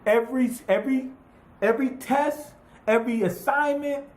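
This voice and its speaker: Male anime reviewer, high voice, loose profane recap, roomy echo. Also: moderate pace. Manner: profane, rambling, animated retelling with quoted voices. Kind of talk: casual recap monologue.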